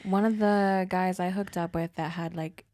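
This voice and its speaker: A woman's voice: on the low side, fairly even intonation, normal speed, mellow, dry recording. A woman co-hosting a podcast, chatting casually and chiming in with short reactions. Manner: responsive, chimes in with short reactions. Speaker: podcast co-host. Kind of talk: casual chat.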